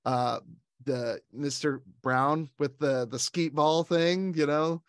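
A man's voice: fairly high pitch, steady tone, slow pace, smooth, dry recording, studio quality. A man co-hosting a casual film chat, enthusiastic and laughing often as he recounts favorite scenes. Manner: enthusiastic, laughs often, quotes lines in put-on voices. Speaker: podcast co-host.

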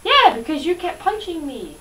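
A woman chatting casually over a block-building game, bossy and teasing with sudden loud complaints. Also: extremely high pitch, wildly swooping pitch, moderate pace, echoey room, distant mic, a little hiss or hum. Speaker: gamer. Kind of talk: casual gameplay chat.

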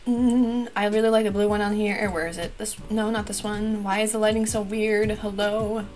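A woman's voice: mid-range voice, steady tone, moderate pace, a little mellow. A young woman with a Wisconsin accent, chatting frantically through a timed building challenge, full of fillers and repeated exclamations. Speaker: gaming YouTuber. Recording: light background music.

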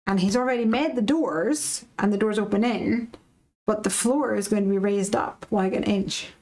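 A woman's voice: mid-range voice, moderate pace, a little mellow, rough recording. A woman from the UK hosting a live craft stream, chatting casually and animatedly with viewers and reading out their comments.

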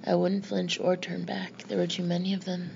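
A woman narrating an audiobook in the first person, with plain, steady storytelling. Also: lowish voice, normal speed, gravelly. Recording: slightly muffled with faint hiss.

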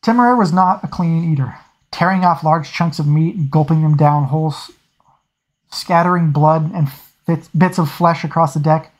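Hobby reader reading a fantasy book out loud, trips on words a lot and fixes them, mid pitch. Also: moderate pace, poor audio. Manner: stumbles often and corrects itself, with the odd laugh. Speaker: audiobook reader. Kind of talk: reading a fantasy novel aloud.

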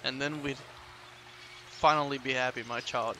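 A man's voice: medium pitch, fairly even intonation, normal speed, very noisy, pitched below the performer's own voice, lightly acted. Man reading as a coaxing forest ghost woman. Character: mournful ghostly woman luring a lost child.

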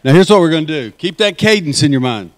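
A man's voice: a little high, big pitch swings, quick pace. A man giving a folksy, joking talk at a conference and leading the crowd in chants. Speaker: conference speaker. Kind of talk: speech at a conference. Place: conference hall.

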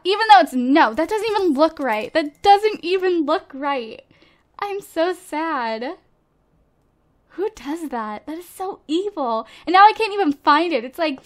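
A woman's voice: high-pitched, animated, normal speed. A woman giving casual, chatty gameplay commentary straight to her viewers, recorded on a desktop USB microphone at home. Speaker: let's play host.

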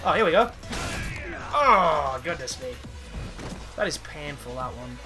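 A man commentating a video game playthrough, excitable and crude, with sudden exclamations. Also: on the high side, unhurried. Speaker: gameplay commentator. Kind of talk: let's play commentary. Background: game music.

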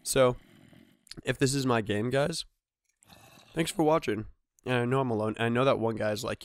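A man's voice: mid-range voice, normal speed, long pauses, clear, resonant tone, no echo, studio quality. A young man hosting a gaming channel, giving solo let's-play commentary with joking, self-mocking, rambling asides.

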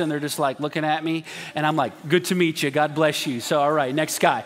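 A man preaching a sermon as a pastor, telling a story with acted quotes in an animated way. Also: on the high side, fairly quick, long reverb tail, a little hiss or hum. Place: large church auditorium.

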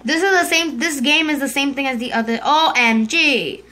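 A female host giving casual commentary over her gameplay, excitable, yelping and urging herself on, dropping to hushed whispers when scared. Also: sits high. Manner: excitable, yelps and shrieks, fast repeated urging. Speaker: gaming video host.

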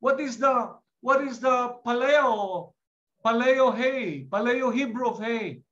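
A man teaching a class in a slow, repetitive way, drilling words aloud. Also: very high voice, fairly bright tone. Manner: slow, drawn-out, repeats words to drill them. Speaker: Hebrew teacher. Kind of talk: classroom teaching, mixing English and Tagalog. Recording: dull lo-fi sound.

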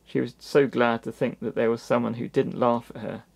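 Man reading a kids book out loud, gentle, gravelly, chats a bit between pages. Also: medium pitch, steady tone, normal speed. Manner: gentle, with asides to the listener. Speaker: storybook reader. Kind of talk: reading a children's book aloud.

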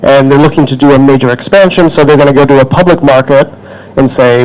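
A man on a panel answering a question, explaining quickly and informally. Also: medium pitch, steady tone, darkish tone, low-quality recording.

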